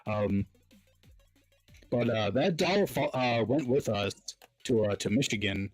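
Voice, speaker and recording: A male podcast host tells stories in a loose, rambling way, full of "like" and "uh" and breaking into laughter. His voice sits at an ordinary middle pitch. Faint music plays underneath. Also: animated, slow pace. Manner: rambling storyteller, lots of fillers and laughs. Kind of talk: casual chat.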